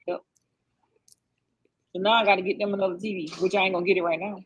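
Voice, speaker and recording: A woman talking casually in her own vlog clip, rushed and talking between remarks to her kids. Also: mid-range voice, level tone. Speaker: vlogger. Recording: muffled lo-fi clip with faint noise.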